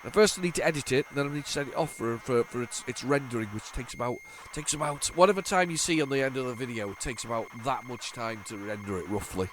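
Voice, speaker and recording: A man's voice: medium pitch, quick pace, hardly any pauses, slight background noise. Stuffy-nosed man rambling over gameplay. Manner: rambling, chatty, frequent restarts and repeated words. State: congested, stuffy nose. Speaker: retro gaming channel host. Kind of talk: casual gameplay commentary.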